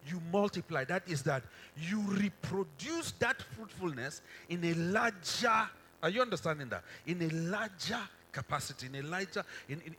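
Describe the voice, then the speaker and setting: A man's voice: sits high, a bit bright, slight background noise. A man preaching a sermon from a stage in a hall, often quizzing the crowd to finish verses and repeating phrases for emphasis.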